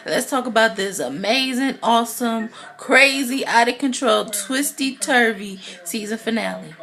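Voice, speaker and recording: A woman giving a casual, excitable recap of a TV episode, chatty and full of "you know" fillers. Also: fairly high pitch, unhurried. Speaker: TV recap vlogger.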